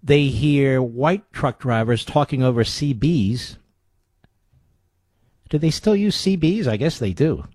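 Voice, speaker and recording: A man's voice: medium pitch, expressive, slow pace, darkish tone, no echo, studio quality. A man hosting a talk radio show, ranting sarcastically through rhetorical questions in an indignant monologue.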